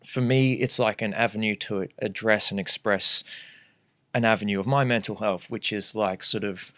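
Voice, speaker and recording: A young man chats as a podcast guest, earnest and rambling as he thinks out loud. His voice sits on the low side. It is recorded dry, with no room sound. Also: fairly even intonation, moderate pace, dry recording. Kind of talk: casual podcast chat.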